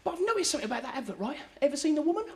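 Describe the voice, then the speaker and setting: A stand-up comedian, rambling excitably and laughing at their own jokes on a live TV stage. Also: female voice, high-pitched, very fast. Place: live TV studio with audience. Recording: noisy live studio with loud crowd.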